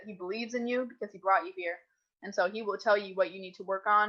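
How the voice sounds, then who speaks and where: An upbeat young woman speaks candidly as a podcast guest, her voice pitched in an ordinary middle range. Her sound comes through slightly dull and lo-fi. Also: bright, forceful tone. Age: young adult. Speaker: college soccer forward, guest. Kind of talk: casual podcast interview.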